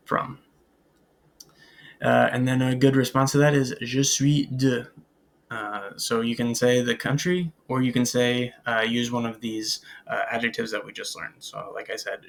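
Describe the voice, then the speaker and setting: A man with a gravelly edge to his mid-pitched voice teaches a recorded beginner French lesson. He explains in relaxed English, full of "uh"s and "um"s, and stops to say French words and phrases aloud for students to repeat. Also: slight background noise. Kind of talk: recorded language lecture.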